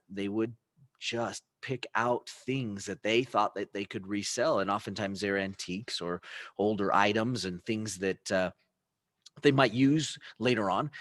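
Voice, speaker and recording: A man with a somewhat low voice talks casually to his listeners as a show host. He tells a story in a loose, chatty way. He slips into the voices of buyers and sellers as they haggle. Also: no echo, clean studio sound. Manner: animated storytelling, acts out buyer and seller dialogue; frequent fillers and restarts, conversational asides. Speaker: podcast host. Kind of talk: casual solo talk.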